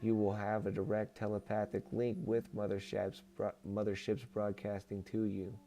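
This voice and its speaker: A man hosting a livestream, reading a book aloud in a calm, measured way and chatting casually with viewers between passages. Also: lowish voice. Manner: calm, measured reading, turning casual and friendly when greeting chat.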